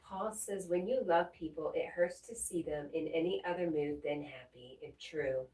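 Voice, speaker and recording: A woman hosting a livestream, reading viewers' messages aloud and answering them in a gentle, comforting way. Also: low voice, normal speed. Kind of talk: casual livestream chat. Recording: roomy echo, mic at a distance.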